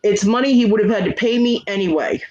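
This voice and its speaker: A man's voice: sits high, fast, darkish tone. A man hosting a casual livestream chat, venting in a profane, aggrieved way. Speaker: livestream host. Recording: dull lo-fi stream audio.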